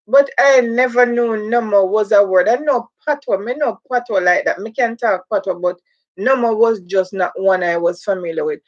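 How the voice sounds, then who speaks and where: A woman with a Jamaican accent hosting a casual livestream, reading viewer comments aloud and slipping into patois. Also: high-pitched. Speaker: livestream host. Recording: dull lo-fi livestream audio.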